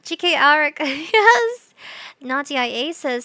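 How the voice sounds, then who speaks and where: A woman's voice: high-pitched, sing-song, slow pace, pushed and bright, no room sound. A young woman streaming live, chatting casually with her chat. She talks in a bubbly, scatterbrained, giggly way.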